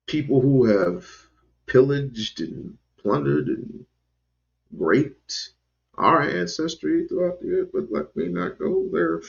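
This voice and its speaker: A man hosting his own channel, giving rambling casual commentary with sudden jumps in pitch. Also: animated, unhurried, vocal fry, muffled recording. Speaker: channel host.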